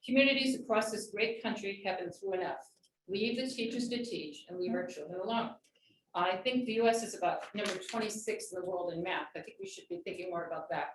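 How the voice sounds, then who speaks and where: A woman with a mid-range voice reads prepared remarks as an earnest public comment at a school board meeting, speaking briskly. The large meeting room echoes, the mic is distant, and there's faint noise.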